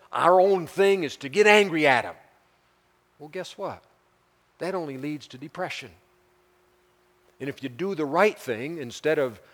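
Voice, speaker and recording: A man teaching a Bible passage as a pastor, halting and repeating words, rising to urgent emphasis. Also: on the high side. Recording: long hall reverb.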